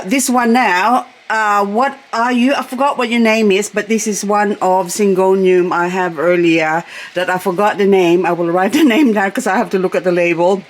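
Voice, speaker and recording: Chatty, rambling woman vlogger. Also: medium pitch. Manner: rambling, chatty, laughs often. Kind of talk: casual chatty vlog. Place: at home indoors.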